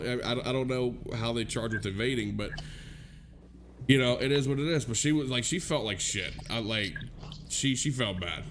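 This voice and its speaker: A man's voice: mid-range voice, fairly bright tone, a little hiss or hum. A man casually telling a story, laughing often and swearing freely. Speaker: vlogger.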